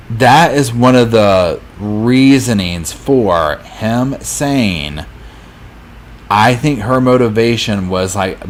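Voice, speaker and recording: There's a little hiss or hum behind this man's lowish voice as he hosts a live chat for his true crime channel. Recapping a docuseries, he retells the case loosely, with lots of filler words and quotes he acts out.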